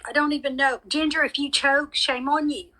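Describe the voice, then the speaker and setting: A woman's voice: sits high, fairly even intonation, moderate pace, bright, forceful tone, poor audio. A woman with a lot of drama, chatting casually with viewers on a live stream and calling them y'all. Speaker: medium hosting a live stream.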